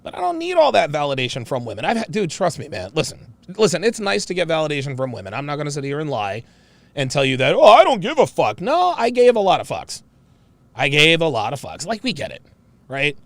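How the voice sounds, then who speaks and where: A man's voice: a little high, fast talker, vocal fry, no echo. A man in his forties hosting, giving profane, mocking reaction commentary on video clips and repeating his points. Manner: mocking, animated, repeats himself.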